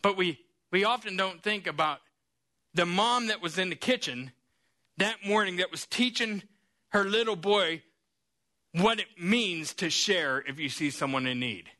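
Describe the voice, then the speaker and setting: Bright high-voiced storytelling preacher. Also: male voice, unhurried. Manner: animated storytelling. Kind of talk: sermon.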